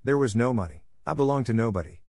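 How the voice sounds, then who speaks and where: A quiet, grave little orphan girl from a storybook, as a male reader puts her on. Her voice sits well above his own and stays soft and steady, in a dry, close recording. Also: medium pitch, fast, gravelly, dry recording, voice pushed up.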